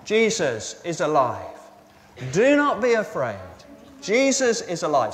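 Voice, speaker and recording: With a high, sing-song voice and a measured pace, a male pastor leads an Easter sermon for listeners of all ages. He invites answers from the congregation and says them back, all captured in a reverberant church with faint noise.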